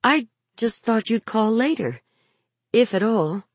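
A lonely young mother speaks gently, with a worried edge, as a woman narrator voices her. Her husky voice moves up and down with lively pitch, and the delivery is unhurried. The recording is dry and close. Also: dry recording, heavily acted. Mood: anxious.

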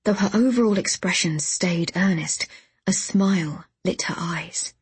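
An audiobook narrator reads a novel aloud, telling the first-person story at a measured pace from a script. Her voice is breathy and sits on the lower side, captured in a close, dry recording.

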